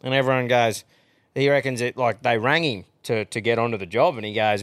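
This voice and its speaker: A laid-back Australian man hosts a podcast, trading swear-laced banter. His voice is smooth and resonant in a dry, close room. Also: mid-range voice, fairly even intonation, a little fast, fairly bright tone, dry recording. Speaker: podcast host. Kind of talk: casual chat.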